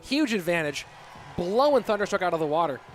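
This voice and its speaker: High-voiced chatty esports caster. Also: male voice, a little fast. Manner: chatty, reads and answers chat between excited play calls. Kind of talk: solo live esports commentary with chat reading. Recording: loud music behind voice.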